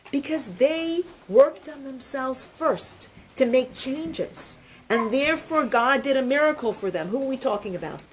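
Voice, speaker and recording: A woman giving a storytelling religious lesson to a group, animated and asking questions. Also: on the high side. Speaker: religious teacher. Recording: noisy room recording.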